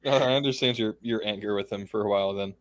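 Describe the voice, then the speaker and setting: A man's voice: fairly low pitch, fast. A man co-hosting a podcast, casually reacting with amused short questions and laughs. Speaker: podcast co-host. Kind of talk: casual chat.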